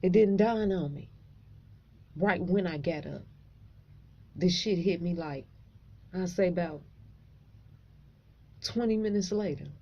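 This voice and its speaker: Woman, profane animated storytelling, mellow tone, slightly dull recording. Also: lowish voice, slow pace, pauses often. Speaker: vlogger. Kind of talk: casual storytelling to camera.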